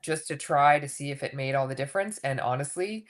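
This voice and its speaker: A woman in her fifties, a coach appearing as a guest in a casual interview, candidly tells her own story and brings it to life by acting out what people said. Her voice is low and her pace brisk.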